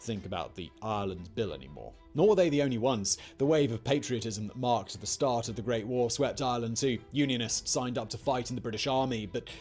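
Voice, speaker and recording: A man's voice: mid-range voice, animated, brisk, hardly any pauses, a little mellow, husky, soft background music. A man narrating a scripted history piece with wry, jokey asides. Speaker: documentary narrator.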